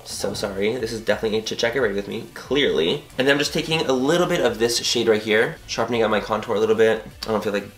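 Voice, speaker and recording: Fast-talking, swearing young man doing makeup. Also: on the low side, echoey room. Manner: animated, swears casually, rambles into tangents. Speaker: beauty vlogger. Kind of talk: chatty makeup tutorial.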